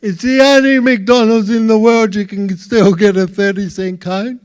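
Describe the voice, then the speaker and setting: A man with an Australian accent doing stand-up comedy for a live audience, with a halting delivery full of repeated words. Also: sits high, steady tone, smooth. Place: live stage before an audience.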